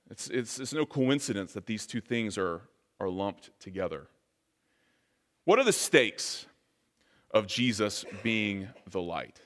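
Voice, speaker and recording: A man's voice: mid-range voice, a bit bright. Man preaching in a reverberant hall. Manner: measured, deliberate, slowing on key phrases. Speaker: pastor. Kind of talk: sermon. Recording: long reverb of a large hall.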